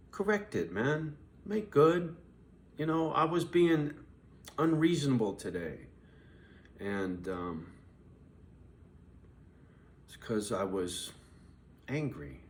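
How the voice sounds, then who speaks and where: A man's voice: medium pitch, a bit bright, a little hiss or hum. A man tells a rambling story straight to his camera, cursing freely as he goes. He acts out both sides of his conversations and keeps coming back to owning his mistakes, in an easy confessional tone. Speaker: vlogger. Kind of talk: casual storytelling monologue.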